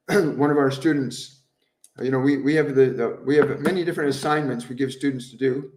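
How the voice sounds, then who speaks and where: A man hosting a live stream as a spiritual medium, answering viewers' questions in a gentle, earnest way and repeating phrases over and over for emphasis. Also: mid-range voice, steady tone, brisk, recorded from a distance. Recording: roomy echo, voice somewhat off-mic.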